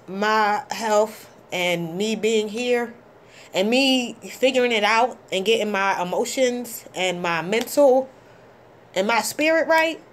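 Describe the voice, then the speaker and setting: A middle-aged woman hosting a call-in show, talking in a heartfelt, halting way with many ums. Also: on the high side, a little hiss or hum. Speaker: host. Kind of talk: casual call-in show talk.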